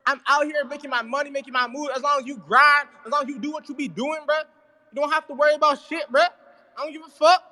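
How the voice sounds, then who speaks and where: A man's voice: very high-pitched, steady tone, fast talker, bright, forceful tone, in a large hall. A man calling in, talking defiantly and swearing at every turn. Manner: profane, defiant, repetitive. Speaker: caller.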